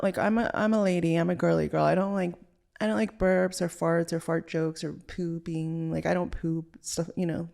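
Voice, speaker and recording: A young podcast host from Los Angeles, Southern California, chats loosely on her solo show, her mid-range voice a little mellow and marked by vocal fry. She speaks valley-girl style, full of "like" fillers.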